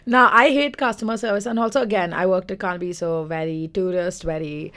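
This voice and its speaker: A young woman in casual chat who teases and chimes in quickly. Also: on the low side, steady tone, fairly bright tone, smooth. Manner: quick teasing interjections.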